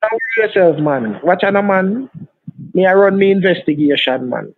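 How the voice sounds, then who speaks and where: High-voiced Jamaican man on a tinny phone line. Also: lively intonation, moderate pace, no room sound. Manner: taunting, threatening, repeats insults. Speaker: phone scammer. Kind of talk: heated phone argument. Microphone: phone call.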